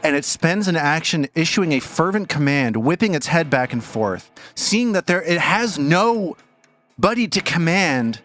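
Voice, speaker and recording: A man's voice: on the high side, lively intonation, a little slow, a bit bright, faint music behind. A man running a tabletop game as game master, narrating the action dramatically.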